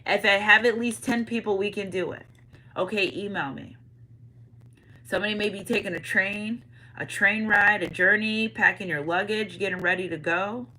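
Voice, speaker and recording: A woman's voice: medium pitch, steady tone, moderate pace, sharp tone, a little hiss or hum, rough recording. A woman giving a casual tarot reading, talking straight to her viewers in slangy, repetitive catchphrases. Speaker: tarot reader.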